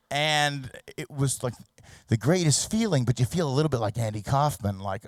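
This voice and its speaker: A middle-aged man from Canada, a singer giving a reflective stage talk, now and then singing or shouting a line to demonstrate. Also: on the high side, animated, moderate pace, dry recording.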